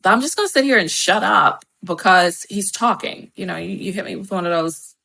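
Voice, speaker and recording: A woman's voice: mid-range voice, expressive, fairly quick, creaky, pushed and bright. A woman guest on a podcast, talking in a casual, effusive way and laughing often. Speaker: podcast guest, wedding professional and speaker.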